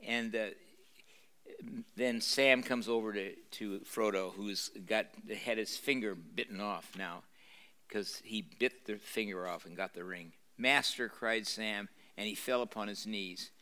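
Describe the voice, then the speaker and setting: Older man reading aloud with a bright tone. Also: lowish voice, fairly even intonation, measured pace, clean tone. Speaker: pastor reading a novel aloud. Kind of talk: live lecture reading with commentary. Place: university lecture room.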